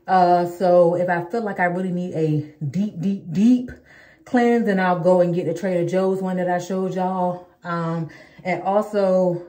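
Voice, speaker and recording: Woman vlogger, low-ish voice, chatty, lots of y'all and um, roomy echo at home. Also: darkish tone. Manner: chatty, addresses viewers as y'all, many ums. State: out of breath. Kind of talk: casual hair-care tutorial vlog. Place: home, indoors.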